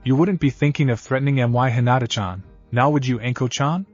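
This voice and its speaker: A man voicing a cheeky, confident teenage boy ninja, in a steady reading over dull lo-fi audio with faint music. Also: medium pitch, brisk, natural voice. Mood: firm. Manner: smirking, casually possessive.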